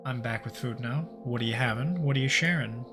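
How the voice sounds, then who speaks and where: A man's voice: medium pitch, a little fast. Casual male streamer with music behind. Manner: casual and jokey, with swearing asides. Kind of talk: reading game text aloud and live gameplay commentary. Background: game music.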